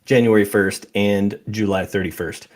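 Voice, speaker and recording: A man hosting a live awards stream, announcing winners in a relaxed, matter-of-fact way. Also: lowish voice, normal speed. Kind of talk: casual live chat.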